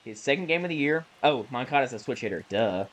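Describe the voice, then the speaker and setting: A man casually calling the plays of a baseball video game he is playing, chatty and self-correcting, with bursts of excitement on big plays. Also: mid-range voice, fast talker, low-quality recording. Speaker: gaming YouTuber. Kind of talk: casual play-by-play while gaming.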